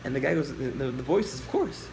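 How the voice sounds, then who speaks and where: A man teaching a class, telling a story with lively acted-out dialogue and questions to the listeners. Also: mid-range voice, quick pace, gravelly, background noise.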